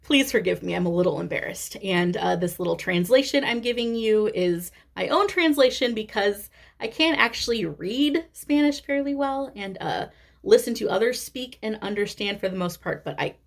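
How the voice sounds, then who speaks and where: A woman's voice: mid-range voice, animated, moderate pace, creaky. A woman in her thirties with a Midwestern American accent, chatting candidly and casually as a cross-stitch vlogger. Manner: chatty, candid, sprinkles in swearing and laughter. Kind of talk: casual chat.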